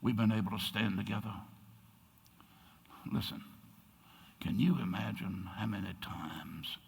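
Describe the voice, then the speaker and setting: Veteran pastor, deep and husky, swings from loud to whispered in a reverberant sanctuary. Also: male voice, a little slow. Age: older. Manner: dramatic, drops to hushed whispers for emphasis. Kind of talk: sermon. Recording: long reverb in a church sanctuary.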